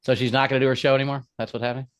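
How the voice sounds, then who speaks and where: Fast-talking teasing man. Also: medium pitch, flat delivery, clear, resonant tone, dry recording. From Indiana. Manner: teasing, stammering restarts. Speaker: podcast co-host. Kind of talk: casual comedic chat.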